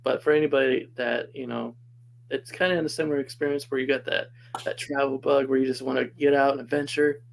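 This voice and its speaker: A man's voice: mid-range voice, flat delivery, fast talker, creaky, a little hiss or hum, rough recording. A man casually telling a personal story as a podcast guest, chatty and laughing often.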